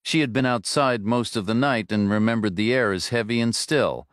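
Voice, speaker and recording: A man narrating a thriller audiobook in a steady, even storytelling manner. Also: mid-range voice, moderate pace, dry recording. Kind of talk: scripted narration. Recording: dry close studio read.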